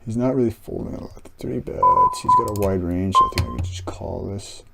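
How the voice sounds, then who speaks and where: A man streams an online poker session, casually thinking aloud about hands and muttering analysis to himself. His mid-range voice has huge pitch swings, vocal fry, and a slightly fast pace. The recording is very noisy, with loud keyboard clicks and typing.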